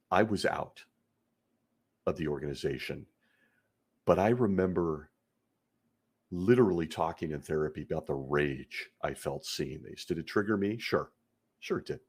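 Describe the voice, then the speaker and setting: A man's voice: low-pitched, slightly rough. A middle-aged man hosting a commentary show, speaking in an earnest, indignant and emphatic way. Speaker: podcast host. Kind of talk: commentary on a religion he left.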